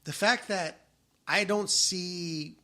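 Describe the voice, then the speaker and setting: A man's voice: high-pitched, slow pace, bright, forceful tone. A middle-aged man in casual podcast chat, telling a personal story and voicing the people in it. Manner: storytelling, acts out quoted relatives. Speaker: podcast co-host.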